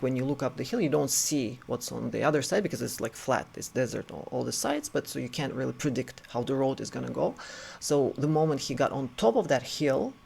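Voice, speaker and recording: A man with a mid-range, husky voice and vocal fry tells a personal story casually and ramblingly. He restarts often, uses many fillers, and animates the retelling with acted-out quotes.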